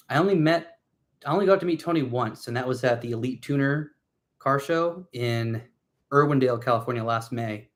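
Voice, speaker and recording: A young man chats loosely on a livestream, easygoing and a bit scattered as he wanders from topic to topic. His voice sits in an ordinary middle pitch. He is recorded on a phone or camera he carries around a home garage. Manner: rambling, easygoing, talks to viewers and pets. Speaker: car vlogger hosting a livestream. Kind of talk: casual livestream chat.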